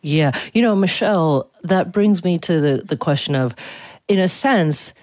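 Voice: medium pitch, expressive, a little slow, a little mellow, no echo. A podcast host guiding a panel discussion, thoughtful and appreciative toward listeners. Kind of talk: podcast hosting.

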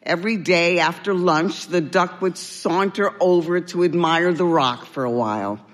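A woman, an actor, reading a story aloud in a slow, gentle and expressive way. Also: fairly low pitch, long reverb tail.

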